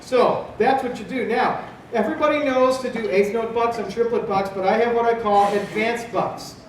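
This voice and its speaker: A man's voice: very high voice, moderate pace. A fifties man teaching drums in an echoing hall. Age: 50s. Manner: animated, asks the audience questions and answers them himself. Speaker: drum clinician. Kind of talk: live drum clinic talk. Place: large hall at a convention. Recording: very echoey hall, from a distance, with background noise.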